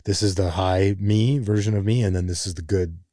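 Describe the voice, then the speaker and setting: A man hosting a podcast interview, speaking in a measured, reflective way about his own past. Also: deep voice, steady tone, dark tone, no room sound, studio quality. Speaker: podcast host. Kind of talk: interview conversation.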